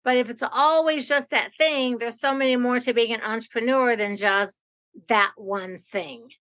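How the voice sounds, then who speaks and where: A woman's voice: fairly high pitch, fairly even intonation, normal speed, fairly bright tone, lo-fi sound. A woman in her sixties hosting a podcast interview, chatty and playful, with a lot of "like". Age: 60s. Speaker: podcast host. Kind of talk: casual interview.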